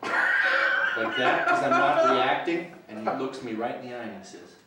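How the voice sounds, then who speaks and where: A man, an animator, telling a casual anecdote in an easygoing, expressive way, recorded from a distant mic with faint ambience behind. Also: medium pitch, a little fast, heavy reverb.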